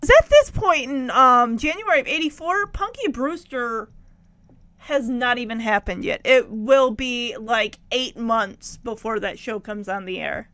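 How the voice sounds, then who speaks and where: A woman's voice: a little high, a little slow, pushed and bright, no echo. A woman chatting casually as she recaps an old TV episode and talks back to its characters. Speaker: show recapper.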